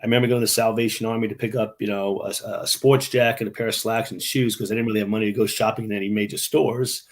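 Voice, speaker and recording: A man's voice: lowish voice, little pitch movement, fast talker, hardly any pauses. A middle-aged man from New York, a guest on a video-call interview, telling chatty anecdotes full of restarts and mimicking the people in his stories. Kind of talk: casual storytelling.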